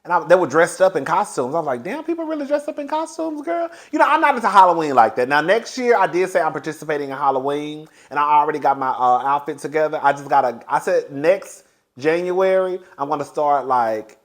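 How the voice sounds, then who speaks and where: In a brisk storytime for his viewers, this young man stays chatty and animated, repeatedly calling the listener "girl" and spiking into excited, high bursts.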